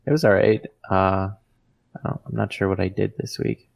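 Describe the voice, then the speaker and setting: A man's voice: sits low, normal speed, creaky. A man co-hosting a casual podcast chat, rambling loosely with lots of fillers. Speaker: podcast co-host.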